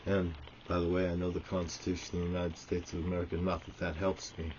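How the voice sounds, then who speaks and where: A man's voice: low-pitched, monotone, fast, darkish tone, a little hiss or hum. A man giving an angry, profanity-filled monologue to the camera, ranting and swearing constantly. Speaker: vlogger. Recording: dull lo-fi audio.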